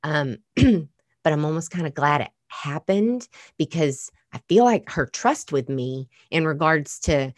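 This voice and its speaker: Low-voiced woman telling a family story. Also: measured pace, no room sound, studio quality. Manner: earnest, animated storytelling with many fillers. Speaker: mother sharing a story. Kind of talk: casual chat.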